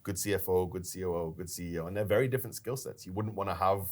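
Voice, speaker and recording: A man co-hosting a casual business chat, telling stories in an animated way and laughing now and then. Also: deep voice, quick pace. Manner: storytelling, animated retelling with laughs. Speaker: company founder and podcast co-host.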